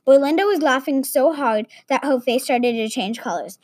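A woman reading a story aloud in a deliberate, expressive way. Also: high-pitched, no room sound.

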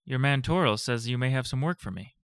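A man's voice: mid-range voice, fairly quick, clear, resonant tone, dry recording, studio quality, pitched above the performer's own voice, lightly acted. A man voicing an earnest, polite young male swordsman.

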